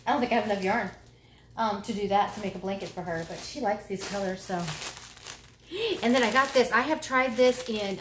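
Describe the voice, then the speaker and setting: Chatty, gasping grandmother vlogger, recorded in a reverberant room with faint background hiss. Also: mid-range voice. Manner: chatty and excitable, gasping and exclaiming, dropping to whispers. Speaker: crochet vlogger. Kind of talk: casual chat. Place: bedroom, indoors.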